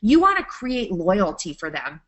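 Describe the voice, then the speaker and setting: A woman's voice: medium pitch, wildly swooping pitch, a little slow, a bit bright. A woman speaking as a guest photographer in a webinar talk, chatty and enthusiastic, often restarting her sentences.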